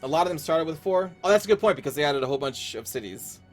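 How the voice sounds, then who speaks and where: A man's voice: a little high, animated, very fast. A man casually commenting on his strategy game as he plays, chatty and wry, thinking aloud. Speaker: gaming streamer. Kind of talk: casual let's-play commentary. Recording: game music underneath.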